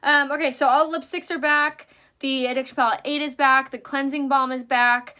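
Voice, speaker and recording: Bright, chatty woman live-streaming. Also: high-pitched, fairly even intonation, normal speed. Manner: bubbly, chatty, greets viewers. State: tired, yawning. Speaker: makeup live-stream host. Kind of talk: casual live-stream chat.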